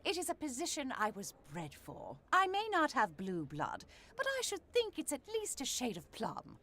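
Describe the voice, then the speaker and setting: A woman's voice: high-pitched, huge pitch swings, normal speed, bright, forceful tone, full character voice. An actress voicing a prim, proud female housekeeper in a video game, speaking formally and precisely. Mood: haughty. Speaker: game character.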